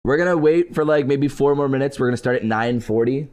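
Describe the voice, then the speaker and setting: A man's voice: medium pitch, fast, a little mellow. Young guy streamer with a stuffy morning voice, laid back, chatting with chat. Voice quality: congested morning voice. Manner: laid-back, answers chat and thanks donors. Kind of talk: casual live stream chat.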